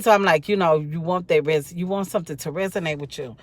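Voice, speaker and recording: A woman's voice: lowish voice, fast talker, dry recording. A tired, sleepy woman, rambling casually to her viewers with lots of fillers. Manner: rambling, chatty, many fillers. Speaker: vlogger. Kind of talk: casual talk to camera.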